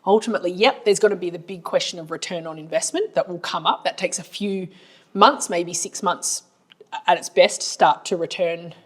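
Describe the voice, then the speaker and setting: An Australian woman with a somewhat low voice chats casually on a business podcast. She is blunt and colloquial, and she strings her advice into stories. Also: moderate pace. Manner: chatty storyteller, blunt and colloquial. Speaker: marketing agency owner and podcast co-host.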